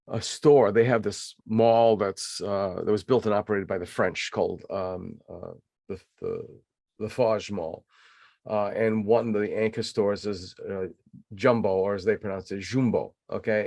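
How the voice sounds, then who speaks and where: A man in his sixties from New England, hosting a podcast in casual interview chat, telling stories in an animated way with lots of fillers. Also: lowish voice, no room sound, clean studio sound. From New England, USA. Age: 60s. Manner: animated storyteller with many fillers. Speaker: podcast host.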